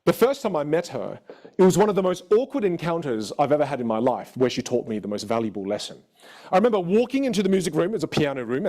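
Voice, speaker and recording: Lively, animated male vocal coach. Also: on the high side. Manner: animated, expressive storytelling. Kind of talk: live online masterclass.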